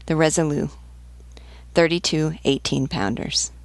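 A woman's voice: sits low, a little slow, a little mellow, dry recording. A woman voicing a knowledgeable male ship's pilot who lists facts plainly. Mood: factual.

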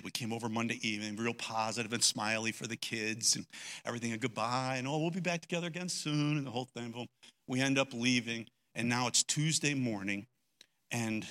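An older male pastor delivering a sermon as a heartfelt story. His voice is very bright and forward, and he swings from quiet, drawn-out phrases to loud, emotional bursts. The pitch sits in an ordinary middle range for a man.

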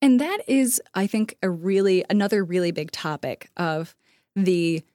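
An American woman talks through a relaxed podcast conversation, full of fillers and quick laughs. She slips into playful voices whenever she quotes someone. The sound is dry and close, with no room around it. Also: on the low side, no room sound. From United States. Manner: animated, acts out quoted dialogue in shifting voices; laughs often, filler-heavy. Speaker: podcast co-host. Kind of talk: casual chat.

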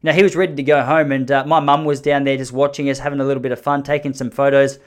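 A man's voice: medium pitch, level tone, very fast. A man in his thirties with an Australian accent, telling a funny personal story in a rambling, self-correcting way with sheepish asides. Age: 30s. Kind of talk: casual comic storytelling.

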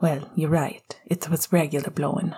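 A woman's voice: sits low, level tone, normal speed, warm tone, breathy edge, full character voice. Cold, cutting teenage boy wizard, read by a woman. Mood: cold angry. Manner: cold, clipped, hissing. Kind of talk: audiobook reading of fan fiction.

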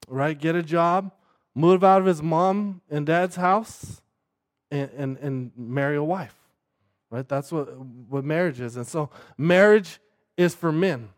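Pitched on the high side, a preaching man often starts sentences over, repeating words each time. Throughout, he keeps asking his listeners "right?"

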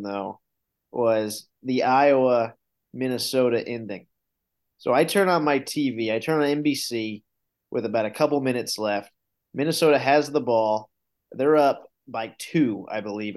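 A man hosting a casual sports podcast, telling game stories with rising excitement. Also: medium pitch. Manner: animated storyteller, rises when excited. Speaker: podcast host.

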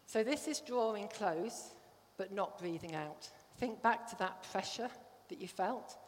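A woman's voice: medium pitch, a little slow. A woman giving a conversational sermon to a congregation, often checking that they follow. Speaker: church speaker. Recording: long hall reverb.

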